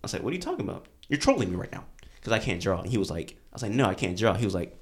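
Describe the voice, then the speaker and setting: A man's voice: fairly low pitch, big pitch swings, very fast. A young man co-hosting a podcast, telling a story in casual chat and acting out the quotes in shifting voices. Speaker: podcast co-host.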